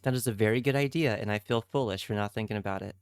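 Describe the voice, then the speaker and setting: A man's voice: fairly low pitch, quick pace, clear, resonant tone, dry recording, clean studio sound. A man streaming live, chatting casually with his viewers, swearing freely and answering their messages.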